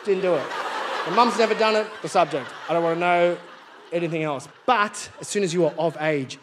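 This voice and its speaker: Brief: wry, animated stand-up comic, thirties, light high voice. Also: male voice, brisk, noisy background. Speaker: stand-up comedian. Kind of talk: stand-up comedy. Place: live theatre stage.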